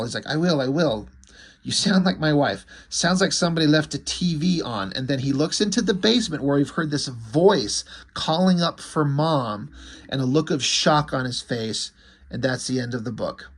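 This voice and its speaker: A man's voice: a little high, breathy edge. A man casually reviewing a comic book with enthusiasm and swearing, acting out the scenes with sound effects.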